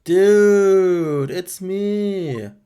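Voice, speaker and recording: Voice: medium pitch, big pitch swings, normal speed, a little mellow. A streamer voicing a goofy young man who boasts cheerfully, reading game dialogue aloud.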